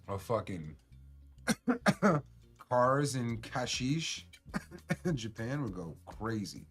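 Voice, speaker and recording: A man's voice: mid-range voice, very animated, drawn-out words, pauses often, fairly bright tone, breathy edge, faint music behind. Profane, rambling man hosting a stream. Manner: loose, profane, rambling slang. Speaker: cannabis stream host. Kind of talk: casual live-stream chat.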